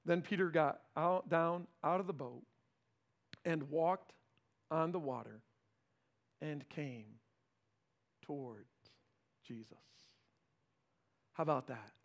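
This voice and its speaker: High-pitched guy preaching, gets loud then drops way down quiet, acts out the quotes. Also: slow pace, long pauses. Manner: dynamic preaching, swings from loud to hushed; acts out quoted lines in voices. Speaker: pastor. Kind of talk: sermon.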